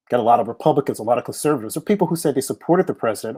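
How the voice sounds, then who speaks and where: A man's voice: mid-range voice, expressive, racing, hardly any pauses, warm tone, breathy edge. A man hosting a live political talk show, opening with an impassioned monologue full of rhetorical questions. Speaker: host.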